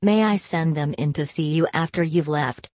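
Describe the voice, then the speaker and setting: A literal-minded army sergeant in a storybook reading, asking polite, baffled questions, as a woman narrator voices him. Low-pitched and recorded dry and close. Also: normal speed, darkish tone, no room sound, natural voice. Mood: puzzled, dutiful.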